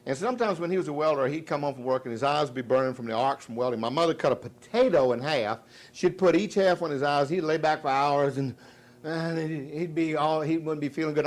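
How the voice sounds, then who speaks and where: A middle-aged man, from Virginia, giving a live motivational sales speech full of jokes and questions to the crowd. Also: medium pitch. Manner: dramatic swings from loud to hushed, joking, audience call-and-response.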